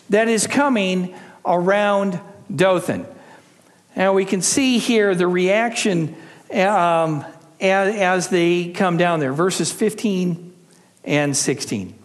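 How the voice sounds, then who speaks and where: A man preaching a verse-by-verse sermon, telling the story expressively with dramatic pauses. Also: high-pitched, long reverb tail. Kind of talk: expository sermon.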